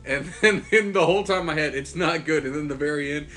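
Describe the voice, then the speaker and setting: A man's voice: a little high, fairly quick, a bit bright. A man co-hosting a podcast in casual chat, swapping anecdotes and laughing along. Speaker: podcast co-host.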